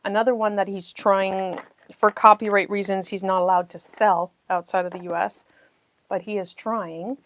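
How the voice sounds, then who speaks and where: A woman's voice: medium pitch, steady tone, normal speed, no echo. A woman hosting a casual livestream while she builds a jigsaw puzzle, chatting freely and thanking her viewers effusively.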